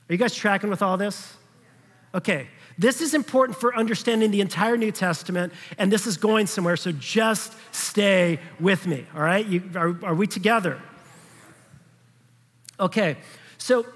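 A man's voice: high voice, fairly bright tone, breathy edge. Male pastor preaching in a reverberant hall. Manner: conversational preaching, checks in with the congregation; acts out quoted voices in passing. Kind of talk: sermon.

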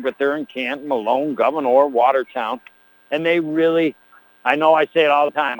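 A man as play-by-play announcer on a high school football radio broadcast, chatty and chuckling, who also reads the sponsor spots. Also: poor audio.

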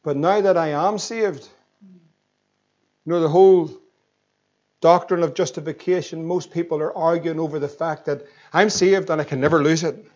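A man's voice: fairly high pitch, normal speed, darkish tone, muffled recording. A man in his thirties with a Northern Irish accent, preaching a sermon with fervent, emphatic questions. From Northern Ireland. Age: 30s. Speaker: pastor.

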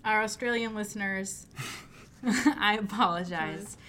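A woman's voice: mid-range voice, takes it slowly, bright, forceful tone, slight background noise. A woman co-hosting a podcast, chatting loosely over wine and laughing often. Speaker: podcast co-host. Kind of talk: casual chat over wine.

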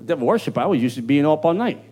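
A man's voice: expressive, quick pace. Puerto Rican-accented man preaching over guitar. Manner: emphatic, streetwise, jumps in pitch for punchlines. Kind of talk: sermon with altar call. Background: guitar music.

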